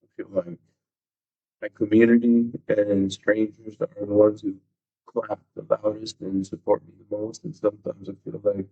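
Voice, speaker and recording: A man's voice: lowish voice, flat delivery, moderate pace, phone-quality sound. A man hosting a livestream, talking openly and casually about family and relationships, swearing freely, and reading passages aloud. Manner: candid and open, swears casually. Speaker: livestream host.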